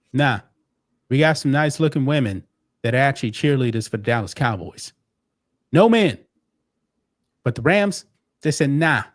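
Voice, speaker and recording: A man giving opinionated video commentary, emphatic and peppering his talk with "man" and "folks". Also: mid-range voice. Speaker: commentator in a played clip.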